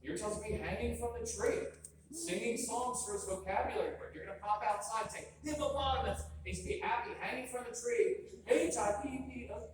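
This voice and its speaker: Speaking fast with a high pitch and lively intonation, a fifty-something man gives a live seminar talk at a convention. His style is blunt and humorous, with frequent audience quizzing. The recording is noisy, taken from far away in a large echoey hall.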